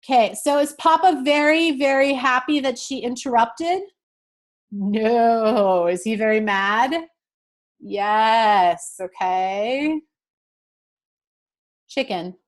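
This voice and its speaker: A woman teacher walks young learners through a picture book. She explains each new word and keeps asking "okay?" and "right?". Her voice is slightly high and her pace is very slow. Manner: slow, clear, checks in with frequent "okay?".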